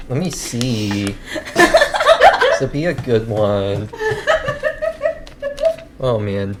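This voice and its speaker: A man's voice: medium pitch, extremely slow, long pauses. A man who is a guest on a podcast, chatting casually and asking questions. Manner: relaxed, laughing, asking questions. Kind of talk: casual chat. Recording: loud noise under podcast recording.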